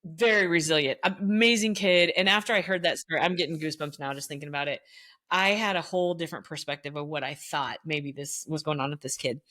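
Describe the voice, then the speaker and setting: A middle-aged woman and former teacher telling stories in a casual interview, animated and acting out the voices of the people she quotes. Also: deep voice, quick pace. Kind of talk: storytelling in casual conversation.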